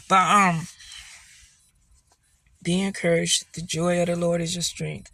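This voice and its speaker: A woman's voice: on the low side, fairly even intonation, takes it slowly, gravelly, long pauses, pushed and bright, no room sound. A middle-aged woman telling a rambling story to her viewers, laughing often and encouraging them. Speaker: vlogger. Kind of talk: casual storytelling monologue.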